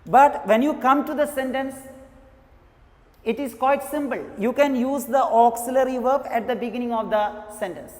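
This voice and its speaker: Teacher drilling grammar slowly. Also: sits high, a little mellow. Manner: repeats example sentences slowly, frequent "you know". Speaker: English teacher. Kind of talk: classroom grammar lesson. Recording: long reverb, echoey room.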